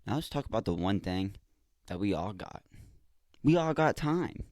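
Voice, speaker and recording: A man hosting a podcast, talking casually and straight to the listener in a relaxed, slangy monologue. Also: on the low side, moderate pace, no room sound, clean studio sound. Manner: laid-back, slangy, talks straight to the listener. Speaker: podcast host.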